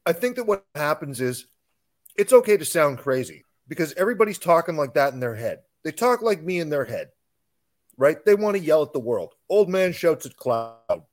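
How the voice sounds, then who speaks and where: A man's voice: a little high, very animated, fairly quick. A married man co-hosting a podcast, talking in an emphatic, sarcastic way in casual chat. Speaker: podcast co-host.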